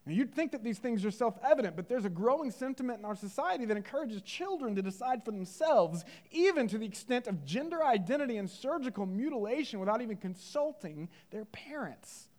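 Animated high-voiced male preacher. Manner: animated, rhetorical questions, swings from loud to hushed. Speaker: pastor. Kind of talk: sermon.

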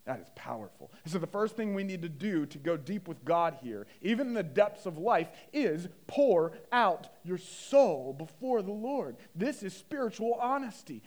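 A man preaching a sermon with impassioned delivery, swinging from loud emphasis to hushed, low passages and asking the listeners questions. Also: sing-song, moderate pace, hardly any pauses. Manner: addresses listeners as guys, asks rhetorical questions. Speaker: pastor.

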